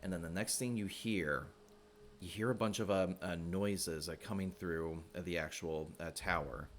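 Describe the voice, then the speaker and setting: A man's voice: low-pitched, fairly even intonation, normal speed. A man narrating a tabletop game as game master, describing scenes with many filler words.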